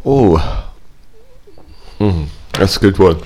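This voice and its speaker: A man's voice: low-pitched, vocal fry, darkish tone, husky. A man co-hosting a podcast, chatting loosely and crudely with plenty of swearing. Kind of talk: casual chat.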